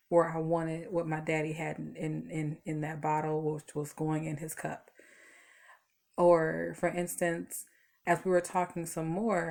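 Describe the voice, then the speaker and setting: A woman's voice: lowish voice, gravelly. A tired woman vlogging casually from home, rambling through stories with lots of fillers. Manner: chatty, rambling storytelling with fillers. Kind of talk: casual talk to camera.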